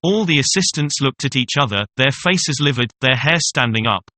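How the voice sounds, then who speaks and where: A man reading a classic horror story aloud in a measured, suspenseful way. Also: mid-range voice, animated, pushed and bright, a little hiss or hum. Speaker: audiobook narrator. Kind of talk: scripted narration of a horror story.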